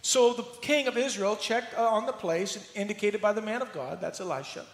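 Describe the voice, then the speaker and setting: A man preaching a sermon as pastor, telling the story in an animated, playful way and acting out scenes. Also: high voice, fairly quick. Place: church sanctuary. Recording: roomy hall reverb.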